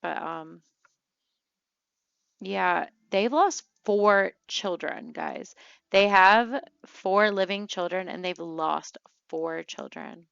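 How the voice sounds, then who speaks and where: Slow, gravelly woman gaming host. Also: lowish voice, fairly bright tone, dry recording, lo-fi sound. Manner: emotional, chatty, many fillers and restarts. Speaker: let's play host. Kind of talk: casual gameplay commentary.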